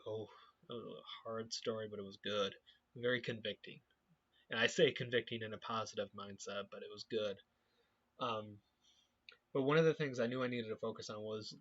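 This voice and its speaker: A man leading a youth group, talking earnestly about his faith and often pausing to search for words. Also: on the low side, a bit bright. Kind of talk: personal faith reflection to camera. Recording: dull lo-fi recording.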